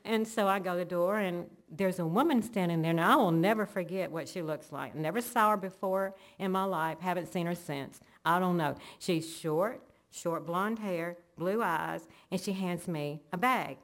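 A woman's voice: on the low side, moderate pace, few pauses. A woman telling an earnest, emotional personal faith testimony, linking events one after another. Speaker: church member giving testimony.

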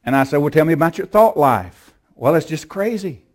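A man preaching a sermon, telling stories and rising to forceful commands. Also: on the high side, animated, fairly quick. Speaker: pastor.

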